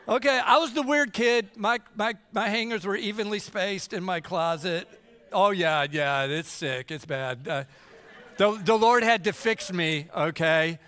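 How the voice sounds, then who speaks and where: Animated jokey pastor, bright voice, hall echo. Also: male voice, high voice, unhurried, clean tone. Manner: jokey, animated, acts out kids whining. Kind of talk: sermon. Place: church sanctuary. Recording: long church hall reverb.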